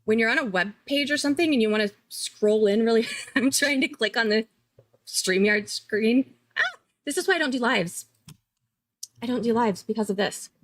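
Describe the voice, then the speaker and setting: Woman, live-stream commentary host, chatty, excitable, lively swooping pitch. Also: normal speed. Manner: chatty, excitable, laughs often, thinks aloud. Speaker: true-crime commentary host.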